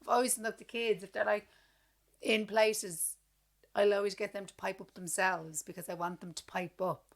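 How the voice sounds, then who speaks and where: A blunt Irish woman in her thirties co-hosts a casual podcast chat. She tells her stories with plenty of energy, slipping into the voices of the people in them. Her voice sits at an ordinary middle pitch for a woman. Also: moderate pace. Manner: blunt, animated storytelling with acted-out quotes. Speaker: podcast co-host.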